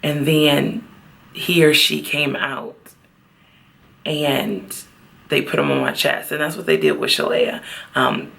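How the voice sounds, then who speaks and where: A woman talks into her vlog outdoors at a beach, her voice thick with gravel and fry. Her tone is bright and forward. She speaks haltingly and from the heart, often close to tears. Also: deep voice. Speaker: vlogger. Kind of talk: personal vlog talk.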